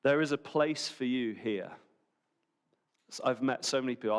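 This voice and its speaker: A man preaching a sermon at a church service, animated and conversational, full of rhetorical questions. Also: mid-range voice, moderate pace, clear, resonant tone.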